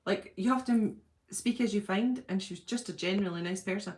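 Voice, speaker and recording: A woman's voice: medium pitch, a little fast, darkish tone. A woman hosting a casual livestream from home, reading out viewer comments in a gushing, chatty way with plenty of fillers. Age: adult with a husband and school-age children. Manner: chatty, gushing, thinks aloud with many fillers. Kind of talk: casual live-chat.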